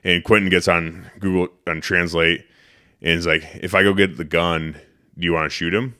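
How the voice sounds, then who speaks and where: A man's voice: deep voice, moderate pace. A man hosting a podcast, telling a story casually and animatedly, swearing and acting out what he said. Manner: animated, profane, acts out his own quotes. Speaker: podcast host.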